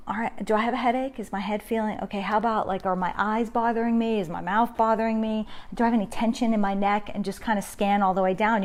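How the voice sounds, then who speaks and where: A middle-aged woman speaks into her phone from home during a live parenting session. Her delivery is conversational and unscripted, with an everyday voice at an ordinary pitch. She breaks off now and then to welcome viewers by name before carrying on. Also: a little mellow. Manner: conversational, greets viewers by name while teaching. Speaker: parenting group host. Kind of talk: casual live-stream talk.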